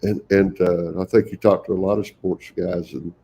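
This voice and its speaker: A man's voice: deep voice, flat delivery, moderate pace, creaky, mellow, slight background noise. An older man with a Texan accent, a folksy storyteller who chuckles often as a guest on a video call. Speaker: guest, professional Santa Claus. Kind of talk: casual interview conversation.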